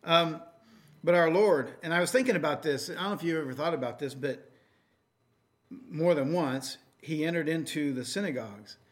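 A man's voice: on the high side, moderate pace. A man preaching a sermon in a conversational way, with many fillers and restarts, and reading scripture aloud in a raised, emphatic voice.

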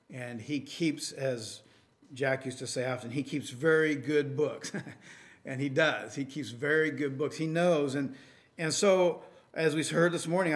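A man's voice: on the high side, a bit bright. A man preaching a sermon in a conversational way, with many fillers and restarts, and reading scripture aloud in a raised, emphatic voice.

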